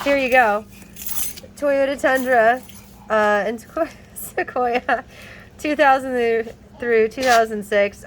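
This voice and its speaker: With a fairly high voice and a little hiss or hum in the audio, a woman vlogger chats through a car repair while reading the manual aloud. She's animated, laughs often, and gets exasperated along the way.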